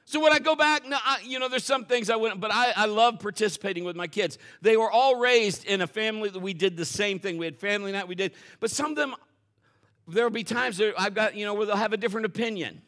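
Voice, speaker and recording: A middle-aged male pastor preaching a sermon, telling family stories in an animated way and acting out the voices of the people in them. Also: sits high, quick pace. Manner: animated storytelling, acts out quotes and shouts for effect.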